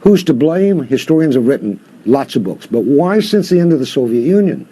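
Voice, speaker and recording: A man's voice: mid-range voice, sing-song, moderate pace, dark tone, breathy edge. An older man, a professor guest, giving impassioned interview commentary full of rhetorical questions.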